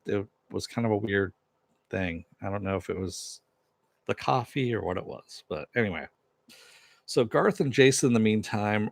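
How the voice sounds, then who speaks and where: Blunt low-voiced man recapping TV. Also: no room sound, studio quality. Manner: blunt, rambling, frequent restarts and fillers. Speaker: show host. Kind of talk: casual TV recap and review, answering live chat. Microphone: wearing headphones.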